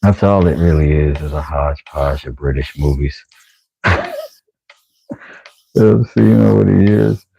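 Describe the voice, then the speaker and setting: A man's voice: extremely low pitch, a little slow, creaky, pauses often, mellow, breathy edge, no room sound, highs cut off. A man vlogging from his shop in casual chat, joking and answering viewers by name.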